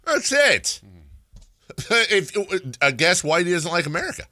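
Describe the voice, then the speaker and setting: A man's voice: high-pitched, expressive, normal speed, pushed and bright, no room sound. A man hosting a sports talk radio show, teasing and sarcastic in casual banter at a studio mic.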